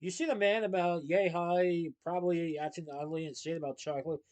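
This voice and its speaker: A man reading the part of a gruff male police chief in a storybook, questioning slowly and suspiciously. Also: on the high side, steady tone, darkish tone, lightly acted.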